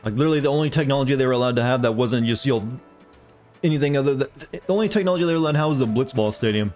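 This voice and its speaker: Fast-talking young man streaming a game. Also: medium pitch, a little mellow, soft background music. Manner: rambling, quips at cutscenes. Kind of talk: casual gameplay commentary.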